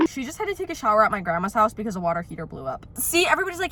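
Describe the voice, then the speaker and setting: A young woman vlogging casually into her phone, telling animated stories about her dad with lots of "literally" and "like". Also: on the high side, very fast, hardly any pauses, loud music behind the voice. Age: young adult. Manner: animated, chatty storytelling with frequent "literally" and "like". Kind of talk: casual ranting vlog.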